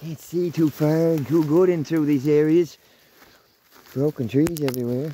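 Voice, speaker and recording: A man in his thirties vlogging while hiking through the woods, excitable and swearing freely, talking to his dog as he goes. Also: fairly high pitch, moderate pace, a little hiss or hum. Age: 30s. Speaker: outdoors vlogger. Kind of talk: casual walking vlog. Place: outdoors in woods.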